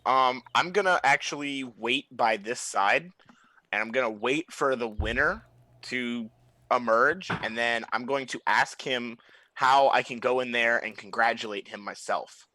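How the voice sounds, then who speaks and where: A man chatting casually as a player at a tabletop game, rambling through what his character does. His voice is bright and forward, and it sounds dry and close to the mic. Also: medium pitch, measured pace, dry recording.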